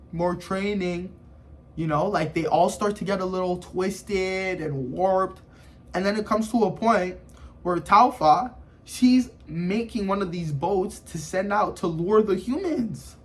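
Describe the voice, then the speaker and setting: A man giving a casual video review, rambling and animated, with lots of "you know" and "like". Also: high voice, measured pace. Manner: animated retelling of scenes. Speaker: anime reviewer.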